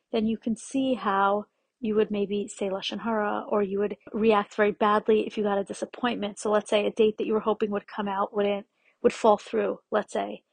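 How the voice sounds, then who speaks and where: A woman's voice: medium pitch, no room sound. A middle-aged woman giving an earnest, reflective talk on anxiety and faith, weaving in Hebrew terms as she teaches. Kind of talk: Torah-based talk on anxiety.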